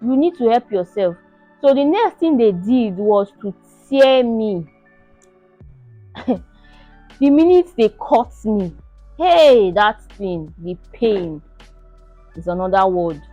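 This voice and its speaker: Animated woman telling a story. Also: a little high, dry recording. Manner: animated, laughing often, acting out shouts and pleas. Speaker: vlogger sharing her birth story. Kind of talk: casual storytelling to camera.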